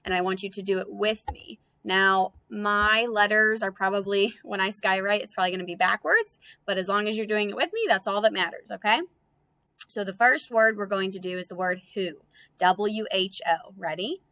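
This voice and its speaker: A woman's voice: mid-range voice, fairly even intonation, moderate pace, no room sound. Upbeat teacher woman talking to kids. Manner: bright, encouraging, sing-song teacher voice, drawing out words for children. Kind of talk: recorded remote phonics lesson for young children. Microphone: computer.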